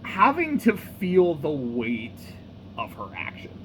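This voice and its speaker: Slightly high-voiced young man, casual. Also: slow pace, slight background noise. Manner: loose, profane, animated retelling with frequent fillers. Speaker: book reviewer. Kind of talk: casual chat.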